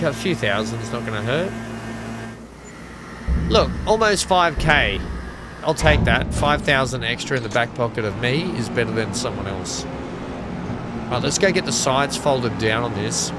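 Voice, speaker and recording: An Australian man casually commenting while playing a farming game, joking to himself and his chat. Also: mid-range voice. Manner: chatty, self-mocking, talks to himself and his chat. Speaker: gaming video host. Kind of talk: casual let's-play commentary. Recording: steady game vehicle and engine noise behind.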